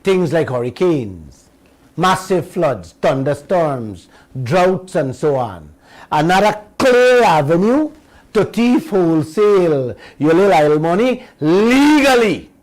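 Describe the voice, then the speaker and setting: Slow, emphatic Guyanese man on radio. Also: on the high side, sing-song, darkish tone, poor audio. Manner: slow, emphatic, addresses listeners directly. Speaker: radio show host. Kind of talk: political commentary monologue.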